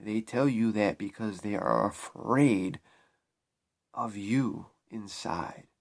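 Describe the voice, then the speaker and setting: A man's voice: on the low side, expressive, slow pace. Man preaching a spiritual vlog monologue. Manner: preachy, repetitive, emphatic restarts. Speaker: spiritual vlogger.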